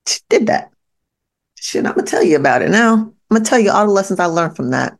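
Gravelly-voiced woman giving a blunt pep talk. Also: medium pitch, animated, brisk. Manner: emphatic repetition to the listener. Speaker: podcast host. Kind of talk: motivational podcast monologue.

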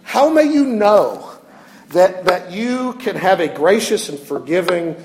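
A man preaching a sermon as a pastor, earnest and expressive, often restarting his phrases. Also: high-pitched, slow, a little hiss or hum.

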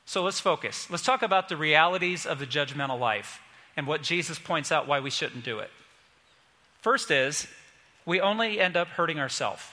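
Bright-voiced man preaching in a reverberant hall. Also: fairly high pitch. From Indiana, USA. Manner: earnest, emphatic preaching with repeated phrases. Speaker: pastor. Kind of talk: sermon. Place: church sanctuary.

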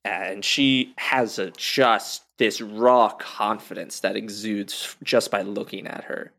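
A man narrating as game master for a tabletop game, unhurried, with frequent fillers. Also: lowish voice, fairly even intonation, creaky, a bit bright.

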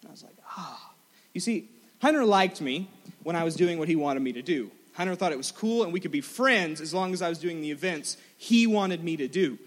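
A young man preaching a sermon, telling a self-mocking story in an animated way. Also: on the high side, a little fast. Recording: large hall with long reverb.

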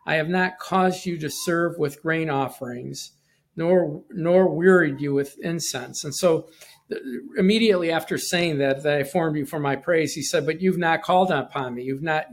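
A man's voice: fairly high pitch, gravelly. A man giving a short devotional Bible teaching, talking conversationally with frequent restarts and asides.

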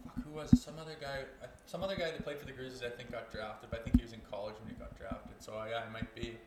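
A man's voice: mid-range voice, fairly even intonation, very fast, echoey room, very noisy. A man, a podcast guest, telling stories in loose, profane casual chat. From Canada (Olds, Alberta). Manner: loose and profane, swears constantly. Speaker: podcast guest, former hockey player.

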